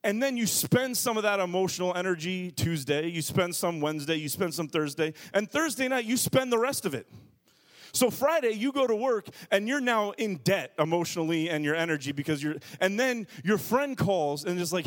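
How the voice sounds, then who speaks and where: Animated man preaching a sermon. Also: high-pitched, normal speed. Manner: animated preaching, shifting from hushed to shouted, acts out quotes. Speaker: pastor.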